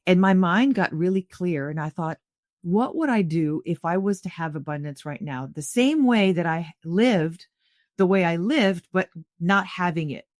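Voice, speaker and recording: This slightly low-voiced Canadian woman, middle-aged, speaks a little slowly as she recounts something personal on a podcast. She tells it earnestly and animatedly, restarting frequently. The recording is dry and close, with no room sound.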